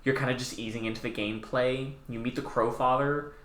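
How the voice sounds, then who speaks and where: Young male podcast co-host, animated and profane, bright voice. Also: medium pitch, roomy sound. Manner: animated, swearing, quick quoted voices. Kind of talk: casual chat.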